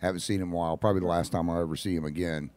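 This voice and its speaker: Folksy low-voiced talk radio host. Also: male voice, fairly even intonation, racing, darkish tone. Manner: folksy, laughs at his own jokes. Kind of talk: casual talk radio chat.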